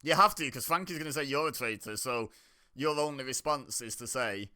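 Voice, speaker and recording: A man's voice: mid-range voice, a little fast, sharp tone. A man talking casually as he reacts to a reality show, chatty and exasperated. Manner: chatty, exasperated, laughs often. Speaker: reaction video host.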